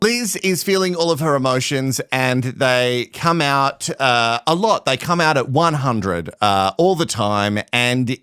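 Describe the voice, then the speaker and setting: A man's voice: medium pitch, animated, a little slow, few pauses, fairly bright tone, clean tone, no echo, clean studio sound. A man giving sarcastic, laughing commentary on a reality TV show. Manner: sarcastic, mocking, laughs often. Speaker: commentary host. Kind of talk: casual reality TV recap commentary.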